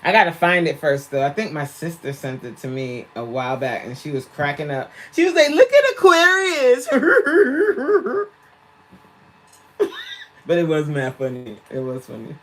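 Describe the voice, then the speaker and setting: A woman's voice: extremely low pitch, brisk, few pauses. A woman fitness coach chatting on a livestream, reading viewer comments aloud, laughing often, recorded on a tablet mic. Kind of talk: casual livestream chat.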